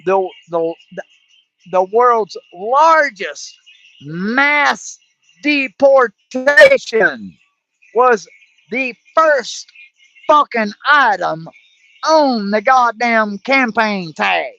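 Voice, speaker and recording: A man's voice: very high voice, lively intonation, very slow, bright, forceful tone. A man hosting a livestream, ranting angrily about politics, swearing heavily and stumbling through restarts. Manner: profane, heated, stumbling restarts. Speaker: livestream host. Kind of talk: angry political rant. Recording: dull lo-fi livestream audio.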